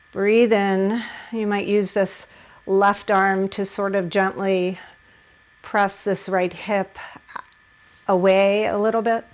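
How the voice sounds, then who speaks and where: A woman's voice: mid-range voice, flat delivery, slow pace, pauses often, a little mellow, low-quality recording. A woman leading a yoga class, giving encouraging instructions and laughing at herself while she holds the poses.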